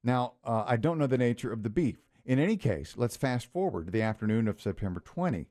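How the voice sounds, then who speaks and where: A male radio co-host telling a news story in a casual morning-show chat with animated delivery. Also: medium pitch, brisk, dry recording, clean studio sound.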